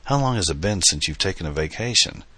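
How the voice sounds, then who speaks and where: A kindly older uncle, as the narrator voices him, genial and fatherly, with a gentle teasing streak. The bright, slightly husky voice sits close in a dry recording. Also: deep voice, expressive, fast talker, no echo, pitched above the performer's own voice, exaggerated voice. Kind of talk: audiobook dialogue.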